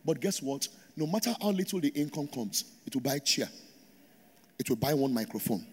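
Nigerian man, pastor, sermon, call-and-response, lively swooping pitch, long-reverb auditorium. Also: brisk, slightly rough. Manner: animated preaching with call-and-response to the congregation. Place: large church auditorium.

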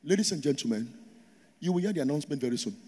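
A man's voice: fairly high pitch, expressive, rapid-fire, dark tone, breathy edge. A Nigerian man preaching a sermon to a congregation in a church auditorium, drawing call-and-response from the crowd. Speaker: pastor. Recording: long hall reverb.

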